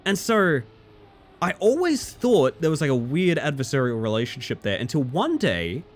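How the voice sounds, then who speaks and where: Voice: mid-range voice, very animated, moderate pace. A streamer chatting casually and telling a rambling personal story to their live viewers, with lots of fillers.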